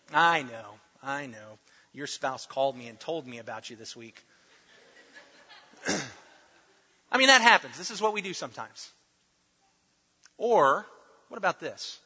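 A male pastor delivers a sermon, driving home his points by repeating key phrases and dropping in playful asides. His voice is high and very bright. It carries through a reverberant hall on a somewhat dull recording. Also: husky.

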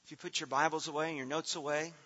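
A middle-aged man preaching a sermon as pastor, earnest, his voice swelling loud and then dropping soft. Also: a little high, steady tone, quick pace, husky. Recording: dull lo-fi sound in a reverberant hall.

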